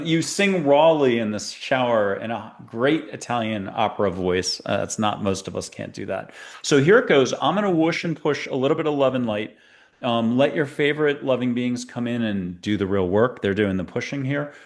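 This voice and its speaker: This podcast host talks at normal speed in a medium pitch. Hosting a spiritual show, he takes listeners through a guided meditation in a playful, loose, rambling conversational style.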